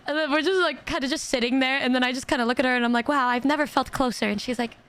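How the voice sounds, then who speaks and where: A woman streamer telling a story in casual chat, stammering and repeating words, quoting others in animated voices. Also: high-pitched, very fast, clean tone, no room sound.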